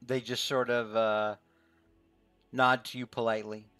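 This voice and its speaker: A man narrating as game master of a tabletop game, in a measured, relaxed way with many small pauses. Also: mid-range voice, smooth, no room sound, soft background music.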